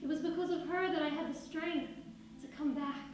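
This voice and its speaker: A woman's voice: sits high, steady tone, brisk, natural voice. A woman storyteller voicing a remorseful male drunkard who earnestly pleads with a rabbi. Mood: pleading. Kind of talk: told story. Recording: echoey room from far off, music behind.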